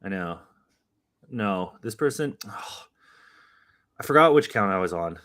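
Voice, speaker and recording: A man co-hosting a casual live podcast, joking around and getting excitable, with casual swearing. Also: sits low, unhurried. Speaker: podcast co-host.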